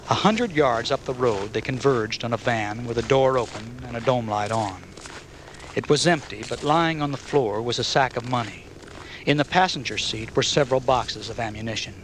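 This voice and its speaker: A man narrating an audiobook novel in a measured, even storytelling manner. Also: medium pitch, slight background noise.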